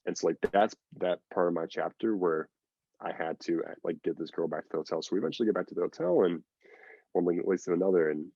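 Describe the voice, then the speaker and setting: A man's voice: deep voice, fast talker, gravelly, dark tone, no room sound, lo-fi sound. A man guest on a podcast, telling a long story in a rambling, casual way with lots of fillers and acted-out quotes. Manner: rambling, filler-heavy, acts out quoted lines.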